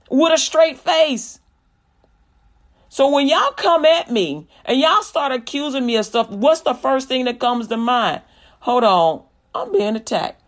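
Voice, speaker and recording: High-pitched middle-aged woman, comedian preaching, repeats stuff for emphasis, acts out convos. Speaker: comedian and Christian speaker. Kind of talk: testimony-style preaching with comic storytelling.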